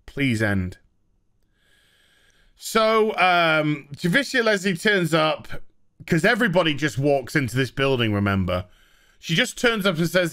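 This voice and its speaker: Sarcastic guy ranting about a tv episode, bright kinda high voice, slow and drawn out. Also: sing-song. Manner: sarcastic, exasperated, mocking voices in quotes. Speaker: TV reviewer. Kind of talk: ranting TV review.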